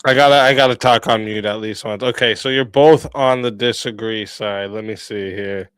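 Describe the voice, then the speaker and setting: A man hosting a debate in voice chat, relaxed and laughing often, his voice going hoarse. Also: lowish voice, moderate pace, no echo. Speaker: debate host.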